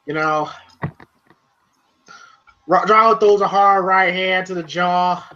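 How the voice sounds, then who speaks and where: A movie reviewer gives a casual spoken review, excitable and profane, recapping scenes in long run-on stretches. His voice sits in the mid-range and he takes it slowly, with the high frequencies cut off.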